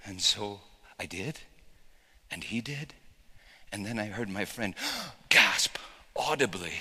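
A man, a pastor, telling a story in a sermon, swinging from hushed tones to loud, impassioned passages. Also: lowish voice, animated, slow pace, pauses often, husky. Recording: long hall reverb.

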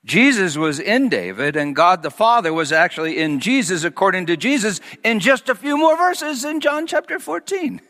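A man preaching a sermon, swinging from loud emphatic peaks down to hushed, almost whispered lines. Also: high voice, very animated, moderate pace, hardly any pauses, big-room sound.

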